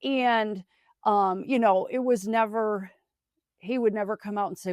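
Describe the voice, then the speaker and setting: A woman's voice: medium pitch, steady tone, normal speed, darkish tone, no echo, studio quality. A young adult woman, a podcast guest, telling her own story in a reflective way with many fillers. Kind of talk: personal storytelling in an interview.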